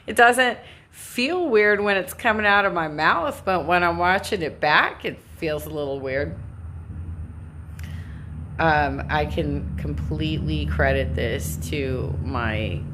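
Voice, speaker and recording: A woman's voice: sits low, fairly bright tone, slight background noise. A woman with a Californian accent talking to her live stream audience in a rambling, self-interrupting way, laughing now and then. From Southern California. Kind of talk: casual monologue.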